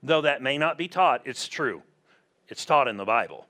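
A middle-aged man preaching a sermon as pastor, animated and conversational, acting out little voices to make his points. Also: mid-range voice, normal speed.

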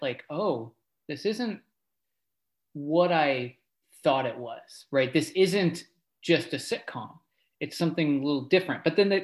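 A podcast co-host talking through a show in casual chat, laughing easily. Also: mid-range voice. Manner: laughs easily, thinks aloud with restarts.

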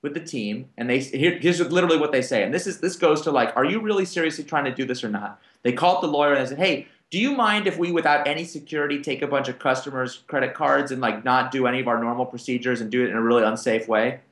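A man on a conference panel, talking through a business story and slipping into the voices of the people in it. His pitch sits in the ordinary middle range, and the sound carries a roomy echo. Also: quick pace, hardly any pauses. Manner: animated, acts out quoted dialogue. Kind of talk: anecdotal storytelling to an audience.

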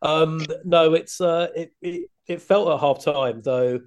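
A man's voice: on the high side, takes it slowly. A man chatting on a football podcast, musing in a hesitant way with lots of ums. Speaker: podcast guest. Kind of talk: casual football podcast chat.

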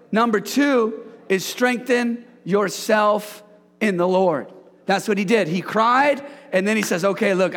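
High gravelly preacher exhorting his congregation. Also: fairly bright tone. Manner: exhorting, calls on the congregation to repeat lines. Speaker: pastor. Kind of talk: sermon. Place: church hall. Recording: long hall reverb.

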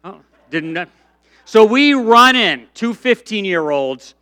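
Man, middle-aged, pastor, sermon, animated storyteller, high pitch, bright tone. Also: takes it slowly. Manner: lively storytelling, frequent restarts and fillers.

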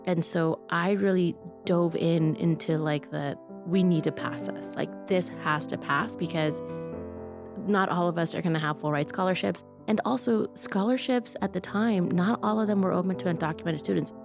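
A young woman with a low voice tells a personal story about her life and community work. She talks in an earnest, emotional way, full of fillers. Music plays clearly behind her. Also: moderate pace. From Colorado. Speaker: community organizer.

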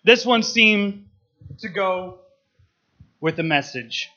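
A man's voice: sits high, animated, slow, bright, forceful tone, lo-fi sound. A young man speaking as a guest in a church service, playful and emotional, laughing as he talks. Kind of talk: jokey church talk.

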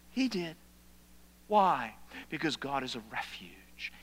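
A male pastor preaching a sermon, swinging between hushed, intimate passages and loud, pleading outbursts. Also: a little high, big-room sound.

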